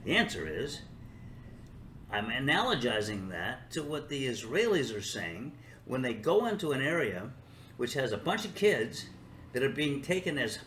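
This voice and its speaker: In a reverberant space with slight background noise, an older male show host rambles sarcastically through an opinion monologue, occasionally slipping into muttering to himself. His mid-range voice has a somewhat bright quality.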